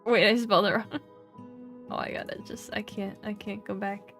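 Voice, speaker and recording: A woman's voice: medium pitch, level tone, moderate pace, fairly bright tone, soft background music. A young woman streaming a game, chatting casually, giggling often and reading game text aloud.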